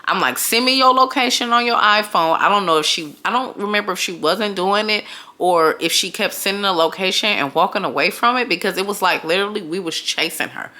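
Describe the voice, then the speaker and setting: Animated woman telling a story, bright voice. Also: mid-range voice, brisk. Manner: animated, slangy, acts out voices of friends. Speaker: storytime vlogger. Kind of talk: casual storytelling.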